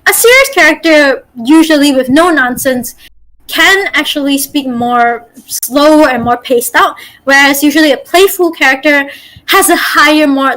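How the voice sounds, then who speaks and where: A woman's voice: high voice, a bit bright, low-quality recording. A woman game master teaching a casual online voice acting workshop, chatty and full of fillers and restarts over a call mic.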